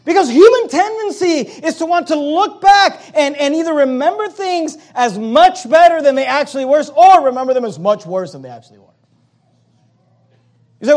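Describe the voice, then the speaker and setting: A male pastor delivering a sermon in a high-pitched voice. He swings between loud, emphatic scripture reading and quieter asides, sometimes mimicking grumbling people. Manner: animated preaching, quoting King James scripture, acting out complaining voices.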